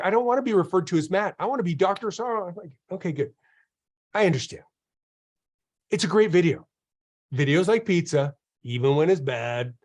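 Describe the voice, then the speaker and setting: A man hosting a dental marketing webinar in a casual, chatty way, often repeating himself and acting out quotes. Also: a little high.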